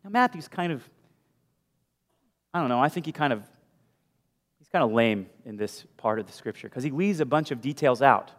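Animated male pastor in an echoing hall. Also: medium pitch, moderate pace, long pauses. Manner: animated storytelling, shifts between loud bursts and hushed asides. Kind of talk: sermon. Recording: long hall reverb.

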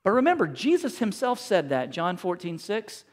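A man's voice: sits high, very animated, normal speed. A middle-aged man preaching a sermon, asking rhetorical questions and acting out quotes. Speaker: pastor.

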